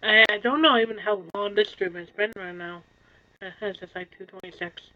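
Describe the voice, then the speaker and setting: A tired woman streamer in casual chat, soft-spoken and apologetic, yawning now and then. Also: medium pitch, a little fast, muffled recording.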